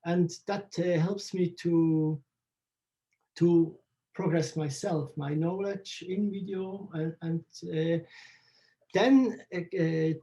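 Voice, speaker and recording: A man, answering interview questions in halting English and searching for words. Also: high voice, warm tone. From Switzerland. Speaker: photographer interviewee.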